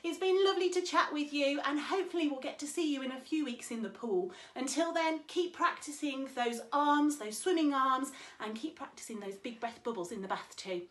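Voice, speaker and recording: A woman swim teacher with a high, bright voice, coaxing little ones along in a sing-song manner. She sounds like she is in an echoey room. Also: fairly quick, hardly any pauses. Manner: cheerful, sing-song, talks to small children. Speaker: swimming teacher. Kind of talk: children's activity lesson.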